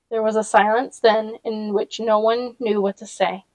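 A woman reads a novel aloud at a middle pitch and drops in casual personal asides. The recording is close and dry, with no room sound. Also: level tone, moderate pace, a little mellow, no echo, low-quality recording. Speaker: audiobook reader.

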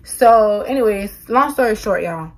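A woman vlogger telling a storytime to her viewers, animated and swearing freely. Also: mid-range voice, unhurried. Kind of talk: storytime vlog.

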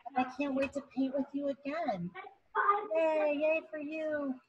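A woman's voice: high-pitched, steady tone, a little slow, darkish tone, lo-fi sound. A woman teaching an online painting class on a video call, chatty and encouraging. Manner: chatty, encouraging, bubbly when praising. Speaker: painting instructor.

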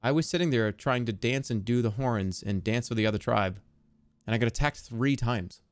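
A man streaming a strategy game, excitable and swearing, yelling commands at his units. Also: medium pitch, normal speed, no echo. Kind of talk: live gameplay commentary.

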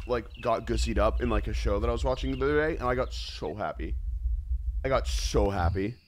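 A man's voice: mid-range voice, brisk, slight background noise. A man streaming a horror game, giving casual commentary with jittery, nervous exclamations.

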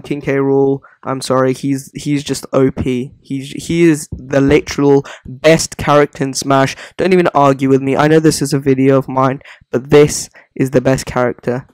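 A man's voice: medium pitch, no room sound. A man giving casual, rambling commentary on a gaming ranking, often apologizing as he goes. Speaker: gaming video creator.

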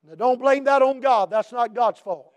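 A middle-aged man preaching a sermon as pastor, building to shouted emphatic refrains and dropping back to quieter teaching. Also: extremely high pitch, moderate pace.

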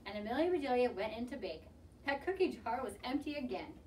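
A woman reading a children's picture book aloud in an expressive, lively way. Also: fairly high pitch, fast, noisy background. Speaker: storybook reader. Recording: distant mic with faint ambience.

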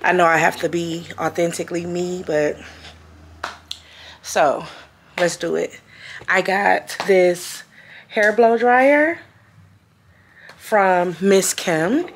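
A woman's voice: fairly low pitch, takes it slowly, long pauses. A woman vlogging in a casual, emotional way, often repeating her own phrases. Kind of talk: casual vlog talk. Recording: noticeable background noise.

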